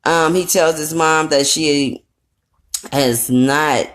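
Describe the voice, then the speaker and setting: Speaking slowly in a low-pitched, steady voice, a woman rambles through a reality show recap. She's blunt and sassy, swears freely, and wanders into asides and filler words.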